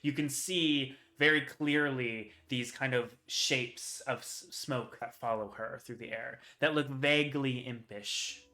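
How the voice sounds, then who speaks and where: A man's voice: medium pitch, steady tone, unhurried, hardly any pauses, sharp tone. A man narrating as game master of a tabletop fantasy game, rambling with plenty of fillers.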